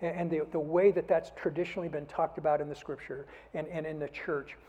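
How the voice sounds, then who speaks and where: An older man preaching a sermon as a pastor, earnest, rising to loud emphasis and sinking to near whispers. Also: on the high side, fairly even intonation, fairly quick. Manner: earnest, swells louder then drops to a near whisper. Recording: dull sound with long hall reverb.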